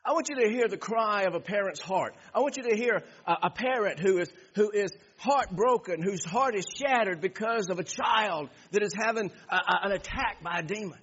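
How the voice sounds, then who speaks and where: A pastor preaching a sermon, reading scripture and repeating phrases for emphasis. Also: male voice, sits high, lively intonation, moderate pace, hardly any pauses, fairly bright tone, husky. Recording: dull echoey hall.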